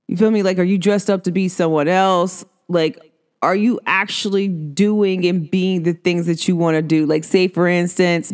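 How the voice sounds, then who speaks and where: Young adult woman, casual vlog monologue, animated, laughs, rhetorical questions. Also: on the low side. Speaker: vlogger. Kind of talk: casual self-help monologue.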